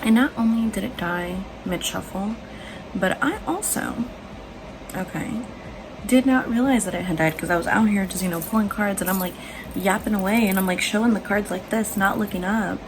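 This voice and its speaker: A woman giving a casual, chatty tarot reading, lively and quick to laugh, with some swearing. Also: medium pitch, background noise. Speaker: tarot reader.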